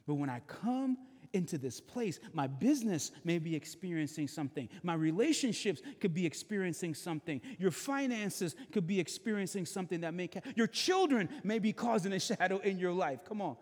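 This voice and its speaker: A man's voice: high voice, lively intonation, fairly quick. A man preaching a Sunday sermon as pastor in a church, impassioned and repetitive, building in intensity. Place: church sanctuary. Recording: long reverb of a large church hall.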